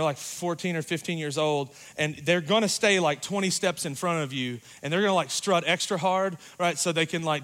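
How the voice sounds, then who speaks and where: A man preaching a sermon in a church, talking casually and joking, going loud and then quiet for emphasis. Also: high voice. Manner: conversational, joking, rises and drops in volume for emphasis.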